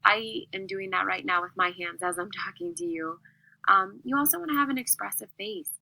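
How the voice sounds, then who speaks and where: A woman teacher giving a classroom lesson on public speaking, with a clear, expressive and emphatic delivery. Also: mid-range voice, a little fast, low-quality recording.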